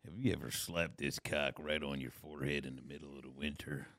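A man doing a low, drawling cowboy voice as a gruff guy in a truck ad. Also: fairly even intonation, brisk, a bit bright, no room sound, studio quality. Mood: smug.

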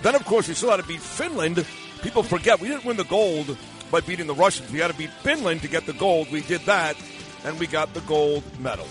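In a radio studio, an older morning talk-show host with a slightly high, somewhat bright voice rambles on, poking fun at himself and leaning heavily on fillers. He comes across as weary, his voice starting to give out.

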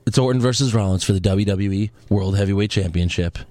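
A man's voice: lowish voice, fast, darkish tone, no echo. A young man hosting a casual wrestling recap podcast, sarcastic and joking, often mimicking people. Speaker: podcast host.

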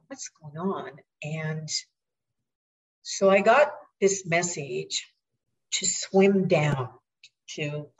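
Slow-spoken woman telling a story. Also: fairly low pitch, far from the mic, rough recording. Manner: reflective, unhurried storytelling. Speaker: guest, executive coach. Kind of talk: storytelling in an interview.

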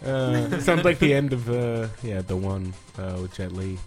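A man co-hosting a podcast in casual chat, halting with fillers and bursting into laughter. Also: mid-range voice, expressive, faint music behind. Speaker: podcast co-host.

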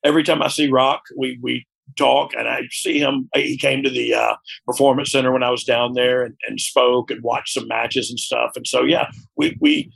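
A man's voice: mid-range voice, normal speed, creaky, fairly bright tone, husky. A man being interviewed as a guest, talking frankly and reflectively, often checking "you know what I mean?". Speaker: interview guest, former wrestler. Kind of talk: candid conversational interview.

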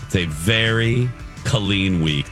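A man's voice: deep voice, slow pace, fairly bright tone, soft background music. A man hosting a morning radio show, joking easily and steering the segments along. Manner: jokey, easygoing, leads the segments. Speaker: radio host. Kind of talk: casual morning radio banter.

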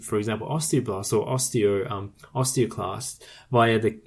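A man's voice: fairly low pitch, fairly even intonation, normal speed, gravelly. A young man in his twenties, a medical student co-hosting a podcast, explaining in a casual way with ums and self-corrections. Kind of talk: casual educational chat.

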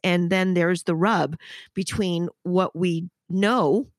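A woman's voice: on the low side, steady tone, slow pace, no echo. A woman hosting a podcast, talking frankly and reflectively in long runs, cursing casually. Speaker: podcast host. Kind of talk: casual interview chat.

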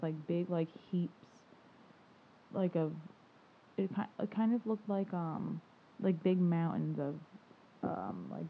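A woman in casual conversation, rambling through a dream story with lots of "like" fillers and easy laughter. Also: lowish voice. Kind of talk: casual chat. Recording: tinny phone-like line with faint noise.

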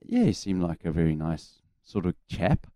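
A middle-aged man with a New Zealand accent, co-hosting a sports radio show and telling relaxed, self-deprecating stories. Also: deep voice, normal speed, no room sound, clean studio sound. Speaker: radio co-host, former cricketer. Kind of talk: casual sports radio chat.

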